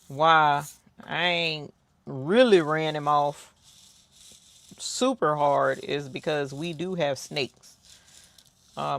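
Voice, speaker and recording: Slow, gravelly woman chatting. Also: low voice, fairly bright tone, dry recording. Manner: chatty storyteller, talks to viewers, reads out chat comments. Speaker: crafting livestream host. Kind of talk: casual livestream chat.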